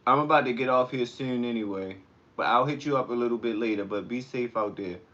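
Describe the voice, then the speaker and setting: A man hosting a casual livestream, chatting with viewers and telling stories in a slangy, animated way. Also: mid-range voice, a little fast, lo-fi sound. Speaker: livestream host. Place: home kitchen.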